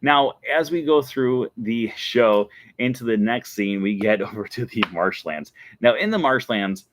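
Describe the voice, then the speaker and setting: A man hosting a casual vlog, telling an excited story and breaking into laughter again and again. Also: medium pitch, unhurried, background noise. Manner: giggly, keeps breaking into laughter. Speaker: show host.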